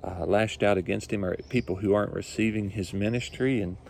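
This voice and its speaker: A man delivers a sermon in a mellow, low register with a gravelly edge. He talks earnestly, circles back on key phrases and lifts his force as each point builds. Faint hum sits behind him. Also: a little fast. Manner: earnest, repetitive, builds emphasis with rising force. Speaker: pastor.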